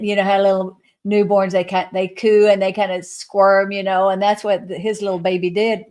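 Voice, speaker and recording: A woman guest sharing a spiritual vision in an earnest storytelling way, often dropping to a soft, slow hush. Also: medium pitch. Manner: soft, hushed and slowed when quoting; earnest, with fillers and restarts.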